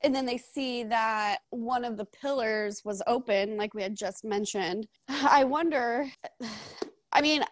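A woman's voice: on the high side, slow, no echo, clean studio sound. A young woman co-hosting a book club podcast, eager, reading passages aloud between remarks. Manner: eager, reads quotes aloud, says yeah a lot.

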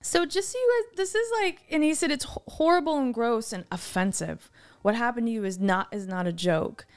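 A woman's voice: on the high side, expressive, fairly quick, smooth. A young woman in casual podcast chat, telling a story with lots of laughing and reading messages aloud. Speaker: guest.

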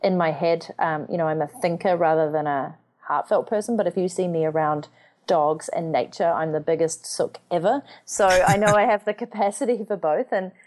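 A woman in her thirties from New Zealand talks as a podcast guest in a casual, chatty way. Her voice sits fairly low, and she slips into lively acted quotes as she tells her stories. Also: moderate pace. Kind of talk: casual conversational interview.

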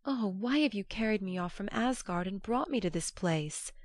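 Woman doing gentle young goddess, earnest and pleading, voice lifted higher, dry sound. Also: animated, moderate pace, no echo, close to an everyday voice. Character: fair, simple young goddess, gentle and fearful.

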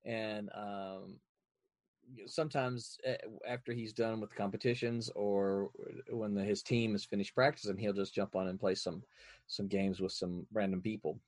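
A man hosting a casual gaming chat, easygoing and quick to chuckle. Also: fairly low pitch, fairly even intonation, a little mellow, no echo. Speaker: podcast host.

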